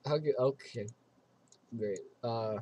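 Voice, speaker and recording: A man's voice: medium pitch, slow, warm tone, slight background noise. A man streaming a game, reading its text aloud and rambling through playful, giggly asides. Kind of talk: casual let's-play commentary, reading game text aloud. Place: home streaming setup.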